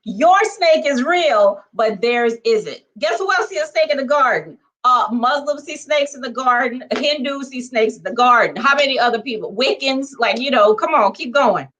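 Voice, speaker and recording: A woman vlogger speaking in a casual monologue, conversational and animated, checking in with her viewers and counting off her points. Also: moderate pace, hardly any pauses. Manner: conversational, punctuates points with "okay?" and numbered lists; animated, swings between low asides and excited high bursts.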